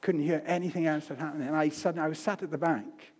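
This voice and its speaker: An older man giving a sermon, telling stories with humor and swinging between loud and soft delivery. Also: on the high side, fairly even intonation, quick pace, husky. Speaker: preacher. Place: church. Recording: long reverb of a church hall.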